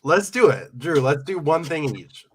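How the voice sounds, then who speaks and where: This young reseller hosting a casual live stream has a voice on the high side, slightly rough and a little slow, with big pitch swings. He chats with his viewers, reads their comments out loud, and laughs a lot.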